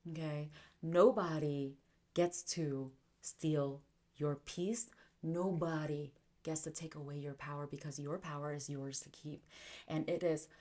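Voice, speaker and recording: A woman with a slightly low voice speaks straight to her listener in a motivational self-help talk. She is emphatic, repeats her key phrases and keeps checking in with "okay" and "right.".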